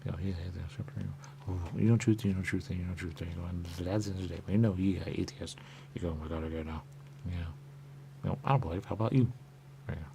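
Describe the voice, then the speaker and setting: Deep creaky guy rambling on, repeats himself, keeps dropping into whispers, bit of hiss. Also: steady tone, fast talker. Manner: repetitive, keeps saying "there you go", drifts into whispers. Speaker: radio talk host. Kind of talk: rambling stream-of-consciousness monologue.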